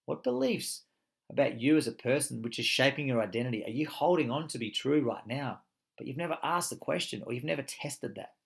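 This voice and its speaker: A man's voice: medium pitch, sing-song, a little fast, vocal fry. A man teaching a motivational coaching course, speaking emphatically, swearing freely and firing rhetorical questions.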